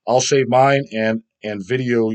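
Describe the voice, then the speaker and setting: A man's voice: mid-range voice, steady tone, unhurried, darkish tone. A man in his thirties hosting his own channel, reading viewer comments and answering in a blunt, profane, casual rant with frequent laughs. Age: 30s.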